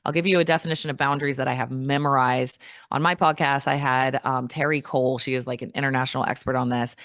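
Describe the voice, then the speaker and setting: A woman, a coach and podcast guest, talking in a casual interview and acting out quoted replies in a brighter voice. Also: quick pace, no room sound, studio quality. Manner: animated, acts out quoted replies in a higher voice.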